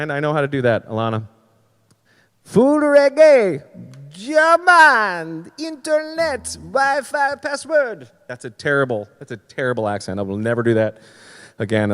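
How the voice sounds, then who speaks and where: A man with a low-ish voice talks quickly while hosting his weekly comedy-music livestream from home, bantering casually with crude jokes and self-deprecating rambling. The audio has a big-room sound.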